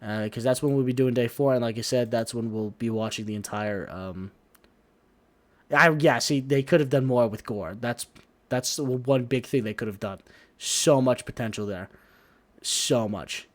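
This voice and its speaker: A man streaming, chatting casually, rambling and swearing heavily with quick asides. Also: medium pitch. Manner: profane, rambling, heavy swearing.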